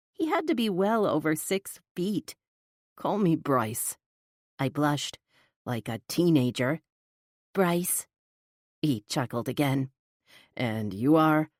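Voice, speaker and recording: A woman narrating a first-person romance audiobook with an expressive, flustered inner voice, close to the mic. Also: deep voice, no echo.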